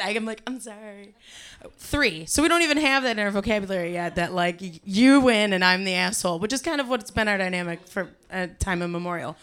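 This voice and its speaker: A woman's voice: mid-range voice, fairly bright tone, clear, resonant tone. A woman from Ohio with a Cleveland accent giving a profane, comic storytelling speech on stage, acting out voices from her past. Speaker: speaker on stage.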